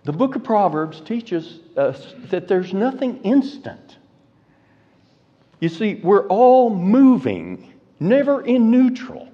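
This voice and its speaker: Slow, lively-voiced preacher in a hall. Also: male voice, high-pitched. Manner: slow and deliberate, rising to fervent emphasis. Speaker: pastor. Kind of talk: expository sermon. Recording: reverberant hall, dull lo-fi sound.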